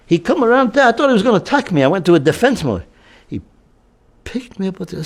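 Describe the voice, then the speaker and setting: An American man in his nineties, a war veteran telling a personal story in a halting way, with frequent restarts. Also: high-pitched, very animated, breathy edge. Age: 90s. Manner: halting and repetitive, with many restarts and fillers.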